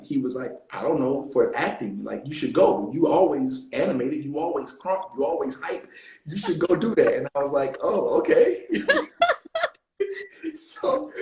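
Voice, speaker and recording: A man being interviewed as an actor on a live video call, telling stories in a relaxed, animated way with plenty of fillers. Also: mid-range voice, roomy sound, rough recording. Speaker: guest actor. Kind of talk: casual interview storytelling.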